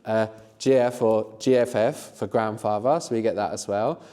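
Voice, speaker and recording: Man, middle-aged, language teacher, live workshop, encouraging, relaxed warm tone. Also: on the low side, moderate pace, big-room sound. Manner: encouraging, checks in with "no?".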